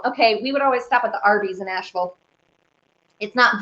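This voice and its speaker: A woman's voice: fairly high pitch, unhurried, long pauses, pushed and bright, a little hiss or hum. A woman from Oklahoma with a Southern accent, a singer and host chatting casually with viewers between songs and answering their comments. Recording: lo-fi with ukulele playing. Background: ukulele music.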